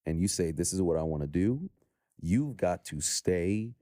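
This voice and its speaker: Deep, dark-voiced man chatting easily. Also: lively intonation, unhurried, dry recording, studio quality. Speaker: podcast guest, content creator and comedian. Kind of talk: casual interview chat.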